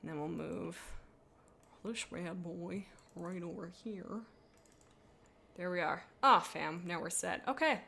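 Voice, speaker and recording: A woman's voice: on the low side, takes it slowly, vocal fry, long pauses, pushed and bright, a little hiss or hum. A young woman streamer chatting playfully and dramatically while rating viewers' pet cats, rambling with silly asides. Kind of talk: casual livestream chat.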